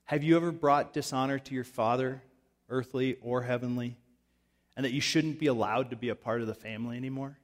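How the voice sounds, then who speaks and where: A man preaching a sermon in a conversational way, acting out voices when he retells scenes. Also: mid-range voice. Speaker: pastor. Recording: long reverb of a large hall.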